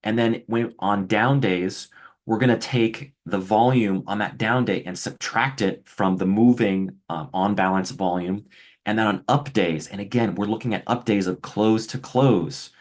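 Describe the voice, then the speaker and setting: Low-voiced man explaining trading indicators. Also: unhurried. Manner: conversational, thinks aloud with rhetorical questions. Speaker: trading educator. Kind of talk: webinar explanation.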